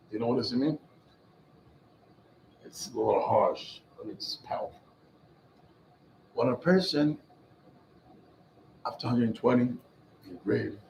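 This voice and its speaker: A man's voice: mid-range voice, creaky, a little hiss or hum, low-quality recording. A man, a rabbi, giving an emphatic Torah class, quizzing his listeners and mixing in Hebrew phrases. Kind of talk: Torah class to a live group.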